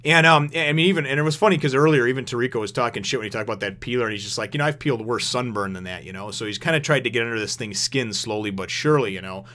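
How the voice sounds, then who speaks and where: A man giving a casual manga review, rambling and animated, who swears freely and laughs often. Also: medium pitch, rapid-fire, hardly any pauses.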